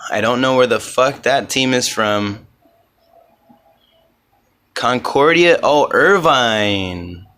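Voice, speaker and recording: A man's voice: medium pitch, slow pace, pauses often, a bit bright, smooth. A man hosting a solo comedy podcast, rambling in an offhand way and swearing often.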